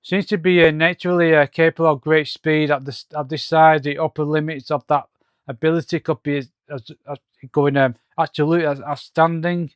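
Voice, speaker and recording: A man reading the lines of a scheming male mad scientist villain from a comic, halting with fillers. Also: a little high, steady tone, smooth, dry recording, studio quality, natural voice. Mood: boastful.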